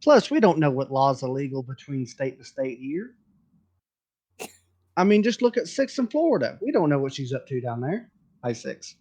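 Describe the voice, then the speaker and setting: A man's voice: mid-range voice, big pitch swings, moderate pace, a little mellow. A man hosting a casual group voice chat, rambling and joking with many fillers and restarts as he leads a drawing session. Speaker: stream host leading a drawing session.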